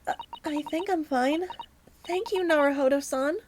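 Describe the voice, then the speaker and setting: Woman voicing a soft, polite young assistant. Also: sits high, normal speed, slight background noise, close to an everyday voice. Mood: gentle. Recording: lo-fi music playing behind.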